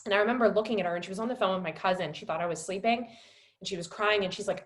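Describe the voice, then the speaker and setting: A young woman in her twenties, a wellness coach telling her personal story on a webinar in an emotional, filler-heavy way, rising high and loud when she relives moments. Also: quick pace. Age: 20s.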